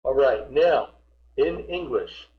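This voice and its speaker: A male English teacher speaks slowly and patiently over a video call, drilling his students on contractions and repeating words until they land. The audio comes through slightly muffled, like a typical online lesson. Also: medium pitch, lively intonation, a little hiss or hum. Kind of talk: online group class instruction.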